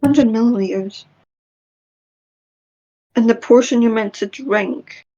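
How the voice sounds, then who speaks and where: A woman's voice: fairly high pitch, slow pace, mellow. A teenage girl, rambling and giggling through a casual chat as co-host. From Scotland. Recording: roomy, distant, dull mic.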